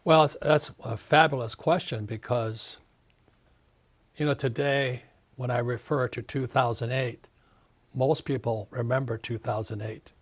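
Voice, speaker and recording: A man's voice: mid-range voice, fairly even intonation, measured pace. An older man in his seventies, an author being interviewed, speaking emphatically in a ranting way. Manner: emphatic, ranting, acts out quoted voices. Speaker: author and guest.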